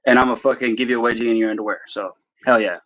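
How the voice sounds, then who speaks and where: A man's voice: mid-range voice, fairly even intonation, very fast, fairly bright tone. A man from California, a fighter guest in a casual interview, brash and jokey with heavy swearing. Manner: brash, profane trash talk, jokey.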